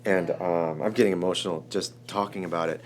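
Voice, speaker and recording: Screenwriter guest, man, forties, from Chicago, low voice, excitable storyteller who restarts sentences. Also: a little fast, slight background noise. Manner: animated, rambling storyteller, restarts often. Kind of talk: emotional storytelling in an interview.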